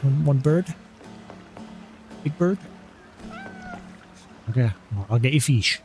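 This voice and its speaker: A man's voice: mid-range voice, expressive, slow pace, pauses often, a little mellow, faint music behind. A man streaming a video game live, chatting casually and coaxing an in-game cat with a playful voice. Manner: chatty, talks to in-game cat, baby-talk and meowing. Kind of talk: live gameplay commentary.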